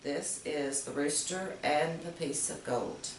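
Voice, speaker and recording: A woman reading fables aloud to children, gently explaining each moral with questions to her listeners. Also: low-pitched, slow pace, a little hiss or hum. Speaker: storyteller. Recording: roomy, distant mic.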